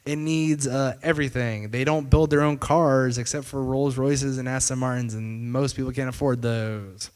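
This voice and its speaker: In a casual explanatory video commentary, a man talks conversationally with fillers and loose restarts, retelling events with "he's like" and paraphrased quotes. His medium-pitched voice is smooth and darkish, with a steady tone, a moderate pace and hardly any pauses.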